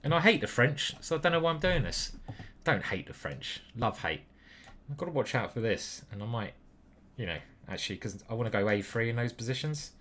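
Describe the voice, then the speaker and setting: A young British man talks through his own online chess games. He is cheeky and foul-mouthed, trading loud whoops for quiet mutters. His voice is bright and forceful, with pitch that leaps around in animated swings. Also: brisk, slight background noise. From Britain. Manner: playful, cheeky and profane, with sudden loud whoops and muttered asides. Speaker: chess grandmaster streamer.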